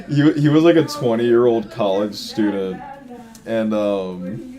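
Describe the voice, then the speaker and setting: A man's voice: mid-range voice, normal speed, warm tone. A man chatting casually on a livestream while he codes, swearing, laughing easily and often restarting his words. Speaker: game developer livestreaming.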